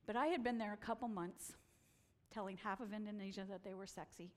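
A woman telling stories from a slideshow talk, animated and acting out the voices she quotes. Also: medium pitch, fairly quick, in a large hall, slight background noise. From United States. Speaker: speaker presenting photos.

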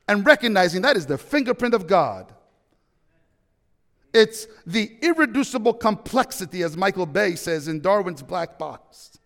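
A man preaching a sermon as pastor, swinging between loud proclamations and hushed storytelling. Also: sits high. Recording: long hall reverb.

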